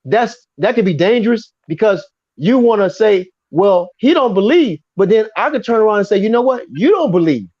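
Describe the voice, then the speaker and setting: A man in a heated casual debate, animated and insistent, repeating words when pressed. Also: high-pitched, moderate pace, dry recording, dull audio. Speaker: discussion participant.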